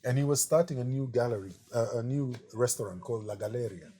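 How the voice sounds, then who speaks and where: A middle-aged man, an artist being interviewed, telling relaxed anecdotes in a chatty way and often saying "you know". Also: medium pitch, quick pace, a little hiss or hum. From Kenya.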